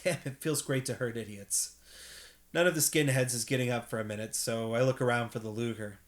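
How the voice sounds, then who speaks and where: A man reading a novel aloud at bedtime in a steady first-person narration, with an occasional slip. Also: medium pitch, a little fast. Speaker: reader, host.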